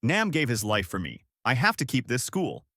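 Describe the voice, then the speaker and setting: A man voicing a grieving young woman who teaches in a village, pleading and shouting through tears. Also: mid-range voice, huge pitch swings, moderate pace, no echo, studio quality. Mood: anguished.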